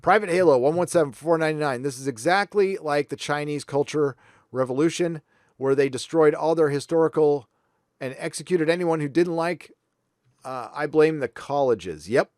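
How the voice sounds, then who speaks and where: A man's voice: on the high side, moderate pace, darkish tone, no echo, clean studio sound. A man hosting a livestream, reading viewer donations aloud with blunt, profane, sarcastic asides. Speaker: livestream host.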